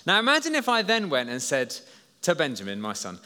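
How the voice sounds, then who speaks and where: Male preacher, animated storyteller, bright tone, echoing church hall. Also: on the high side, a little fast. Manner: lively, storytelling, talks to listeners as "you". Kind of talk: children's talk sermon. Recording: long hall reverb.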